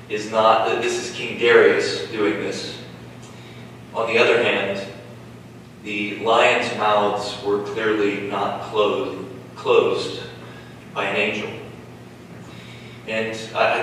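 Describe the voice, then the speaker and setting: Man, pastor preaching, slow delivery, bright tone, distant mic, echoey hall. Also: fairly low pitch, a little hiss or hum. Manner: measured preaching, reads scripture aloud with rising intensity. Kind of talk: sermon.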